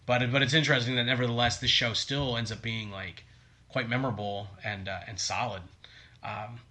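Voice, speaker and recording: A man co-hosts a podcast in a loose, casual chat. His voice is very bright and sharp at an ordinary pitch. He rambles and leans on fillers like "like" and "um". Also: steady tone, a little fast. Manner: rambling, filler-heavy with many likes and ums. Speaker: podcast co-host.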